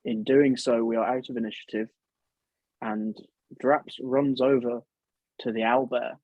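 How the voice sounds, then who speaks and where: Male dungeon master, slow deliberate narration, dry dull lo-fi sound. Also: mid-range voice, fairly even intonation, dry recording. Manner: unhurried, halting narration with many fillers. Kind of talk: narrating a tabletop game.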